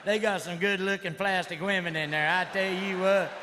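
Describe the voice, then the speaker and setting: A middle-aged man with a Southern US accent doing a stand-up comedy routine on stage, rambling in a rowdy redneck drawl and shouting his punchlines. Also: high-pitched, fairly even intonation, normal speed. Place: comedy club stage before a live audience. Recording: live hall recording with crowd noise. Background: audience laughter and crowd noise.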